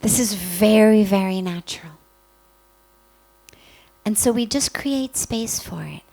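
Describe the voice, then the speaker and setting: A woman spiritual teacher giving a calm, reflective spiritual talk, speaking gently with many pauses. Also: mid-range voice, vocal fry, low-quality recording.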